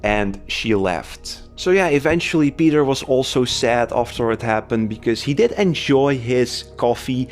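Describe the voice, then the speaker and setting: A man's voice: medium pitch, lively intonation, a little slow, hardly any pauses, faint music behind. A man casually narrating a storytime video in a loose, chatty way with everyday fillers. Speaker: storytime YouTuber.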